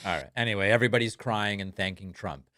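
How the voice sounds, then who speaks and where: A man's voice: lowish voice, fast, bright, forceful tone, no room sound, clean studio sound. A man hosting political commentary, talking sardonically over speech clips and mocking the quotes.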